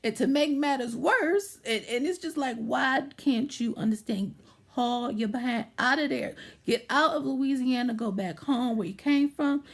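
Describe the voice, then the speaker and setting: A woman's voice: high voice, measured pace. A woman vlogger animatedly retelling a movie plot, checking in with her listener as she goes.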